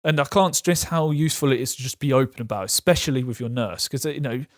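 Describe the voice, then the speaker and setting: A man's voice: mid-range voice, quick pace, no room sound. Frank man, dry close sound. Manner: frank and self-deprecating, laughs at hard moments. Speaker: vlogger sharing his illness story. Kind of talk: candid personal storytelling.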